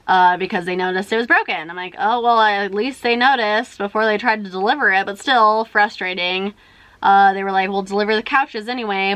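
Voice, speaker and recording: A woman's voice: medium pitch, pushed and bright, no room sound. A young woman chatting while doing her makeup, telling a long story in a rambling, exasperated way with lots of "like" and "freaking". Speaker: beauty vlogger.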